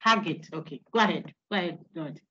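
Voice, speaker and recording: A woman giving an animated philosophy lecture on a video call, asking her class rhetorical questions. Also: on the low side, quick pace, husky. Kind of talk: online university lecture. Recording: lo-fi online call audio.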